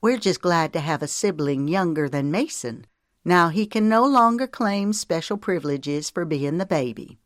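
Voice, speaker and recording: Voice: mid-range voice, lively intonation, moderate pace, dry recording, clean studio sound, lightly acted. A narrator voicing Zoe, a playful adult sister with a snarky, teasing manner, raising the voice for her.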